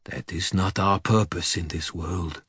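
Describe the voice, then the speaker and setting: A man voicing a calm, gentle male guardian dog with a dry, polite wit, a bit higher than his own voice. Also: a little slow, slightly rough, dry recording, heavily acted.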